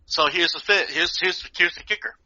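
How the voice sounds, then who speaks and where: Male podcast co-host, animated storyteller, sharp bright voice, slightly high, dull recording. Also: normal speed. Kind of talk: casual storytelling.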